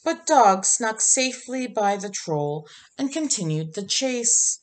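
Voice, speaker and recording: A woman reading a children's picture book aloud in a gentle, expressive storytelling manner. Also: a little high, slow. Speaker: storybook reader.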